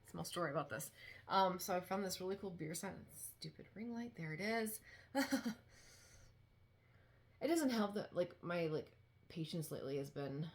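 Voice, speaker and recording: A woman's voice: on the low side, a bit bright. Woman vlogger, casual and rambling, chatting at home about thrift finds. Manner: chatty, rambling, frequent "like" and restarts. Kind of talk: casual chat. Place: home dining room.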